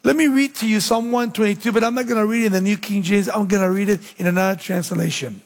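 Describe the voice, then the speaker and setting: A man preaching a sermon, swinging between loud emphatic lines and low, hushed endings. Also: steady tone, fast talker. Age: young adult. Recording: long hall reverb.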